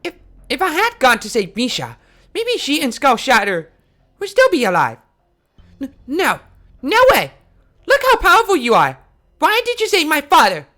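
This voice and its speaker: A man reading a game aloud, voicing a fierce, vengeful young woman fighter who shouts and hurls insults. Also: very high-pitched, wildly swooping pitch, moderate pace, pauses often, voice pushed up, heavily acted. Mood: distraught.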